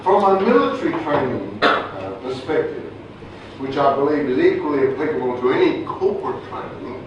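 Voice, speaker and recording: A man's voice: medium pitch, very animated, normal speed, muffled recording. An older man with an Australian accent, telling stories to a training group in a casual, chatty way, often checking in with the room. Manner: casual, chatty, restarts phrases, checks in with "right?". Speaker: resilience trainer, speaker. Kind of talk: storytelling lecture to a group. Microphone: far room mic. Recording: echoey room from far off, background noise.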